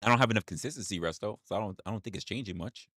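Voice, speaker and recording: A man's voice: fairly low pitch, racing, fairly bright tone, no echo, studio quality. A man hosting a livestream, reading chat aloud and reacting with repeated exclamations, swearing and laughter.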